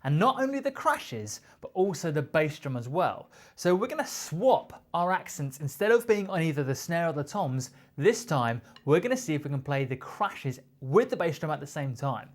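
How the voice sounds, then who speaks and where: A man's voice: fairly high pitch, very animated, moderate pace, hardly any pauses. Man teaching drum fills step by step. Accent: British. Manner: patient, step-by-step, counting aloud. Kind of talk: instructional explanation.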